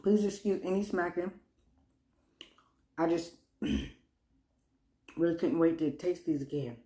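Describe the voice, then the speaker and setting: Excitable woman, echoey room. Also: fairly low pitch, measured pace. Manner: chatty, playful, excitable. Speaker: mukbang vlogger. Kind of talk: casual eating-show chat.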